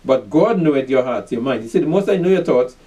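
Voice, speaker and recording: Male preacher, lively swooping delivery, mellow tone, recorded off mic, drills the room with call-and-answer questions. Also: mid-range voice, fast talker, far from the mic, poor audio. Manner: repeats "pay attention", asks and answers his own questions. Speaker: preacher teaching a class. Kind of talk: fiery street-style scripture teaching.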